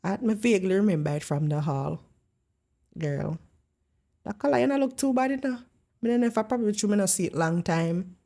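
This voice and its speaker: A woman's voice: medium pitch, expressive, fairly quick, creaky, long pauses, warm tone. A woman doing blunt, mocking reaction commentary and swearing freely.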